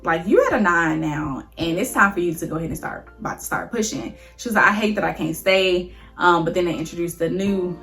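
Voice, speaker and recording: A woman's voice: fairly low pitch, a little fast, few pauses, fairly bright tone, faint music behind. A young woman vlogger casually telling a personal story to her viewers, chatty and emotional, often addressing them as y'all.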